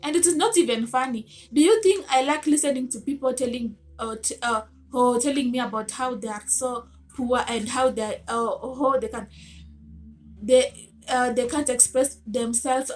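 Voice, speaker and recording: A woman's voice: high-pitched, normal speed. Earnest woman giving a pep talk. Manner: earnest, coaxing, asks many rhetorical questions. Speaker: self-help vlogger. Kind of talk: motivational talk to camera.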